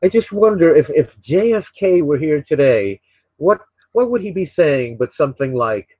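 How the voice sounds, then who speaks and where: An older man hosting his own radio show, talking in a rambling, opinionated way, often repeating words and filling pauses with uh and um. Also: a little high, big pitch swings, a little mellow, breathy edge, no echo. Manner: opinionated, sarcastic. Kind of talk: casual solo talk radio monologue. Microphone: desk microphone beside a laptop. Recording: dull, slightly lo-fi dry recording.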